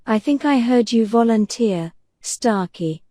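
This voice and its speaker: A woman's voice: mid-range voice, takes it slowly, warm tone, no echo, clean studio sound. A woman reading as a silky, menacing pirate captain. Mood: silky menace. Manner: purring, courteous menace. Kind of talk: soft bedtime audiobook reading.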